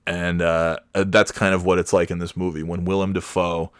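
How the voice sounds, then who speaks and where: Deep-voiced man ranting about a film. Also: level tone, normal speed, clean tone, no room sound. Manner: rambling, profane, self-mocking. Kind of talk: casual movie rant.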